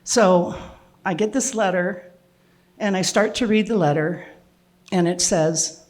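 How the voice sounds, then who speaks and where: An older woman telling a personal story to an audience, with frequent restarts and throat clearing. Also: medium pitch, slow, a little mellow.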